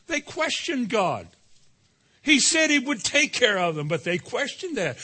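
A man's voice: very high voice, big pitch swings, measured pace, sharp tone, breathy edge. A man preaching a sermon, emphatic and calling out to the congregation for responses.

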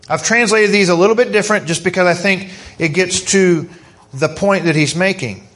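A man preaching a sermon as pastor, emphatic and animated as he stresses his points. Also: high voice, moderate pace.

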